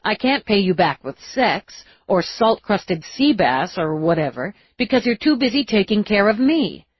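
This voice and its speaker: A woman's voice: medium pitch, big pitch swings, measured pace, breathy edge, dry recording, voice pushed up. A woman narrator voicing a blunt, tough woman police lieutenant who talks curtly but turns tender, in a dull, dry recording. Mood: earnest.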